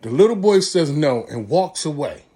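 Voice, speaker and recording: A man hosting a storytelling vlog, animated and laughing as he tells a story and talks to his viewers. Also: on the high side, normal speed, slightly rough. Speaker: podcast host.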